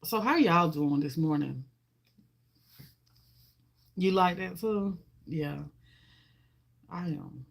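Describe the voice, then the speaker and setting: A woman's voice: fairly low pitch, animated, slow, vocal fry, pauses often. A woman, chatting on a livestream and greeting viewers, talking emotionally and heartfelt, often repeating herself. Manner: talks to viewers and greets them by name. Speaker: vlogger. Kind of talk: casual livestream chat.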